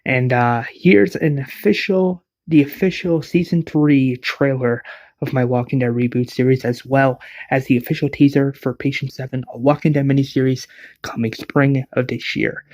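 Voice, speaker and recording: A man's voice: medium pitch, steady tone, moderate pace, a little mellow, no echo. A man casually retelling his own fan story, restarting words as he narrates. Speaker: series creator and narrator.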